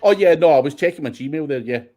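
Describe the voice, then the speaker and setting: A Scottish man with a dark, mellow, slightly high voice hosts a casual SEO Q&A livestream, answering viewer questions at a fast clip. He's relaxed, blunt and sweary, laughing now and then between points.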